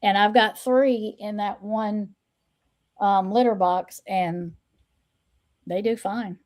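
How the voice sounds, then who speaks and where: A woman hosting a casual livestream chat, who repeats her phrases, greets viewers and reads out their comments. She is still a little hoarse. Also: medium pitch, steady tone, slow, darkish tone. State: recovering from hoarseness. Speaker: stream host and tarot reader.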